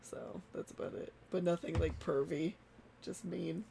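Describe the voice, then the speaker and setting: A woman's voice: lowish voice, fairly even intonation, measured pace, vocal fry, mellow, slight background noise. Woman co-host with short reactions. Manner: brief reactions, short follow-up questions. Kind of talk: casual chat.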